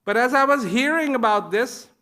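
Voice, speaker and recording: A man giving a speech to an audience, slow and deliberate, pausing between short phrases and repeating key words for emphasis. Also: very high voice, lively intonation, sharp tone. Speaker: invited speaker. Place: event at a large international venue.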